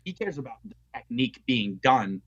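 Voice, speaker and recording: Husky, bright-voiced podcast guest. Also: male voice, mid-range voice, sing-song, moderate pace, dull audio. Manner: blunt and joking. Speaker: guest, competitive jiu-jitsu athlete. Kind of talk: casual chat.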